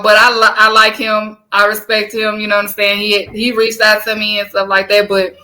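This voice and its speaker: A woman's voice: medium pitch, normal speed, hardly any pauses. A woman with a Southern American accent, co-hosting a podcast in casual chat, telling stories with animation and frequent laughs. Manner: animated storytelling, laughs often, swears casually. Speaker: podcast co-host.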